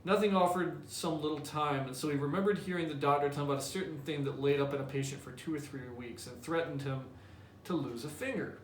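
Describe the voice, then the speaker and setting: A man's voice: a little high, fast talker. Man teacher reading aloud in an echoey room. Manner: explanatory, conversational. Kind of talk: reading a novel aloud to a class. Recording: echoey room, distant mic, faint hiss.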